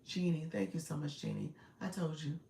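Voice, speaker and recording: Gravelly, roomy-sounding woman live-streamer. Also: low-pitched, wildly swooping pitch, a little fast. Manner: chatty, warm greetings to viewers by name, frequent laughs and fillers. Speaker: live stream coach and host. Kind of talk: casual live stream chat reading viewer comments. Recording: roomy, distant phone audio with faint noise.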